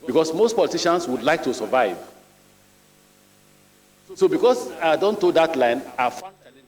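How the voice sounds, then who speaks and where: A man's voice: a little high, sing-song, moderate pace, a little mellow. Earnest Nigerian man in an echoing chamber. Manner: earnest, plain-spoken, anecdotal. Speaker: ministerial nominee. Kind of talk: answering questions at a senate screening. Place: large legislative chamber. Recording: reverberant hall.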